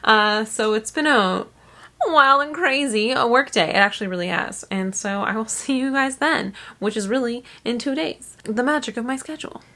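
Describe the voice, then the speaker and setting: A woman's voice: a little high, normal speed, few pauses, sharp tone. A young adult woman vlogging in a casual, rambling way, sounding tired. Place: home or small office room.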